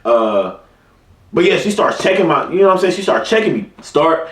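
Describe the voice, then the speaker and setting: A man's voice: fairly high pitch, sing-song, normal speed. A young man telling a casual story in slangy, laid-back speech, with frequent check-ins with his listener. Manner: laid-back slangy talk, keeps saying "you know what I'm saying". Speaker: vlogger. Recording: roomy sound, far from mic, music behind.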